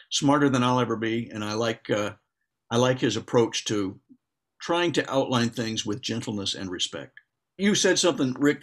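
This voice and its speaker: A man co-hosting a casual faith discussion, speaking earnestly and agreeably, explaining his views at length. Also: medium pitch. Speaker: co-host.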